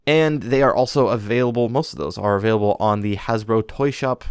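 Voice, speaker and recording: A man with a lowish voice co-hosts a casual podcast, reading through a list of toy news. He throws in jokey puns as he goes, and his voice sounds dry and close to the mic. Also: fairly quick, clean tone, dry recording. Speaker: podcast co-host.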